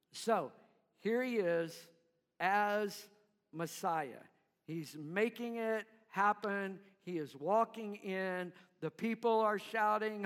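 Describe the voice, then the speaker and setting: A man preaching a sermon in an animated way, acting out crowd voices and dropping to quiet low tones. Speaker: pastor. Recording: long reverb in a hall.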